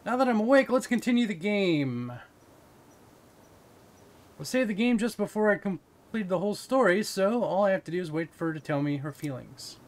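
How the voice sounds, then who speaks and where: A man narrating his playthrough of a horror game, joking and reacting with sudden loud outbursts. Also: high voice, lively intonation, normal speed. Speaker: game streamer. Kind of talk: let's play commentary.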